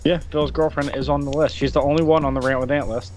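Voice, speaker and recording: A man hosting a podcast, telling stories excitedly and laughing often in casual chat. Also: on the high side, quick pace, over music. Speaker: podcast host.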